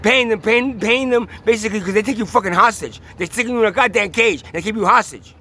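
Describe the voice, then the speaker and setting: Man, vlog rant: high, bright voice, halting then angry and profane, keeps asking the listener questions. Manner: angry, profane ranting with repeated rhetorical questions; halting with many restarts when calm. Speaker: vlogger. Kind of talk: personal video diary and rant.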